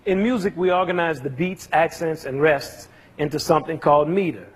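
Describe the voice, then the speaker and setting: A man teaching music, his voice a little husky and pitched somewhat higher than most men's. He explains step by step in an educational talk to a young audience and often turns a point into a question for them to answer. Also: a little fast.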